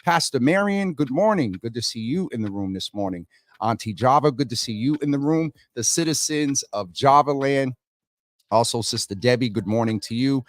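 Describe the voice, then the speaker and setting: A man's voice: mid-range voice, animated, moderate pace, dry recording, clean studio sound. A man hosting a casual morning livestream, chatting and greeting viewers by name as they join. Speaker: livestream host.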